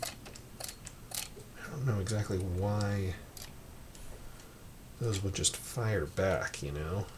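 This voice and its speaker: A man's voice: sits low, takes it slowly, long pauses, background noise. A man casually thinking aloud as he tinkers with a machine, muttering and rambling to himself, recorded through a webcam microphone. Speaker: streamer tinkering with a VCR.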